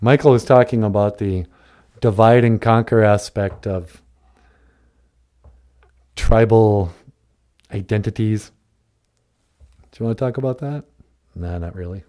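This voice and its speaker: A man's voice: on the low side, unhurried, pauses often, mellow. A man hosting a casual live-stream chat, joking in a laid-back way and reading viewer comments aloud. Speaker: show host.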